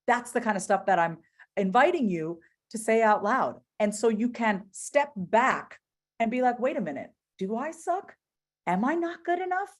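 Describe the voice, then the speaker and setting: A woman giving a motivational webinar talk, speaking directly to her audience with many rhetorical questions and repeated phrases for emphasis. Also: mid-range voice. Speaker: webinar presenter.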